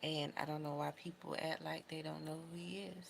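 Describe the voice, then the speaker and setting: Speaking to camera with a gravelly edge to her low voice, the same young beauty vlogger stays casual, heartfelt, emotional, and rambling. Here her delivery turns flat and brisk. A faint noise hums in the background.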